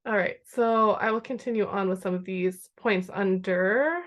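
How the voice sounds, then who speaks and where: A woman's voice: mid-range voice, moderate pace. A woman writer in casual podcast chat, talking in a loose, chatty way with many fillers.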